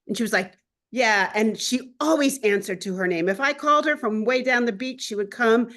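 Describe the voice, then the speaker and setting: A woman hosting a casual interview, telling lively stories and laughing often as she talks about astrology and animals. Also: a little high, normal speed. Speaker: host and astrologer.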